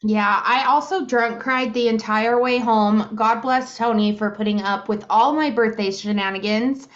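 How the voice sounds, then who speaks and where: Podcast co-host: giggly woman in her thirties, fairly high voice, muffled lo-fi sound. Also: fairly even intonation, a little slow. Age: 30s. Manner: chatty, giggly, lots of fillers. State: hiccups. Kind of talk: casual chat.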